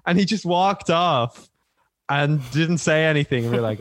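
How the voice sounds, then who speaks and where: A young man, a musician guest on a podcast, chatting in a relaxed, easygoing way. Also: on the high side, normal speed. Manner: relaxed, easygoing, reactive interjections. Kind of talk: casual chat.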